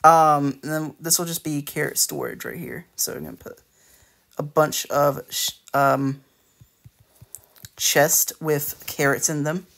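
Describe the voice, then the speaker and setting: A man's voice: fairly high pitch, fairly even intonation, a little slow, gravelly, fairly bright tone. A man giving casual, rambling commentary while building in a game, full of hesitations and restarts. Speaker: let's play creator.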